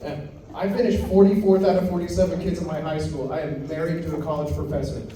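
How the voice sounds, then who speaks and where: A man doing stand-up in a comedy club, telling stories deadpan with quick acted quotes. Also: on the high side, a little hiss or hum. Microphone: handheld stage mic. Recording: echoey club from far off, crowd. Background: audience laughing.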